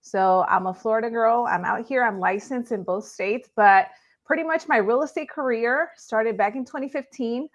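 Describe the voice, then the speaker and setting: Chatty woman guest, bright and upbeat, slightly high. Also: moderate pace. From Los Angeles, California. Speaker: guest, real estate agent. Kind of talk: casual interview.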